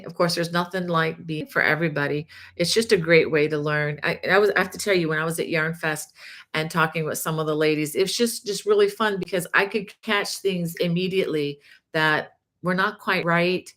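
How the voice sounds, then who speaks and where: A woman's voice: on the low side, fairly bright tone. A middle-aged woman hosting a live crochet stream, chatting casually with many fillers. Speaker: crochet teacher and livestream host.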